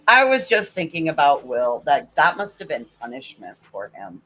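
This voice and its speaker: A woman's voice: low-pitched, sing-song, a little slow, fairly bright tone, rough recording. Woman tossing in joking side remarks. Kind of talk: casual panel chat.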